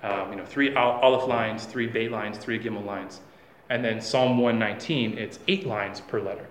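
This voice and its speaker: A man's voice: on the low side, fairly even intonation, a bit bright, slight background noise. Man lecturing in an echoey room. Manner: halting, many fillers and restarts. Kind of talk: classroom lecture.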